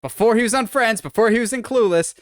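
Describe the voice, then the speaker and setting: A man's voice: extremely high pitch, fast talker, dry recording, studio quality. A man co-hosting a podcast, rambling through an opinionated film breakdown in casual chat. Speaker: podcast co-host.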